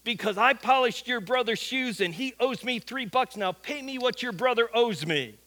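A man's voice: very high voice, lively intonation, moderate pace, sharp tone, in a large hall, pitched above the performer's own voice, heavily acted. A man playing a demanding homeless male shoe-shine scammer in a sermon story. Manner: demanding, threatening.

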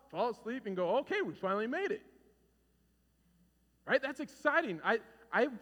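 Animated pastor preaching in a reverberant hall. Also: male voice, high-pitched. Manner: animated storytelling, acting out voices and shouts. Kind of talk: sermon. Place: church hall.

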